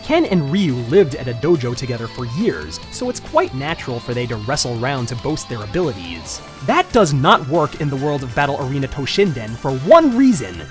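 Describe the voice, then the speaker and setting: A woman's voice: extremely low pitch, sing-song, brisk, few pauses, over music. A woman reviewing a cartoon with sarcastic, ranting commentary and mock outrage.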